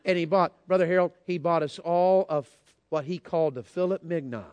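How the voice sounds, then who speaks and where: A man's voice: on the high side, a little fast, darkish tone, clear, resonant tone, muffled recording. A man preaching a sermon, telling folksy stories and calling out to the congregation. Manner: folksy storytelling, calls out to congregation. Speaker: pastor.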